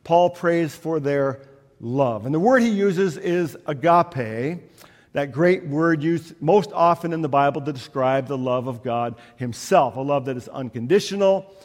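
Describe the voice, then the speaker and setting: A man preaches in a church, his voice a touch higher than most, carried by a long, ringing reverb in the hall. He tells stories casually and drops into soft asides before lifting again. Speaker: pastor. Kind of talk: sermon. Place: church sanctuary.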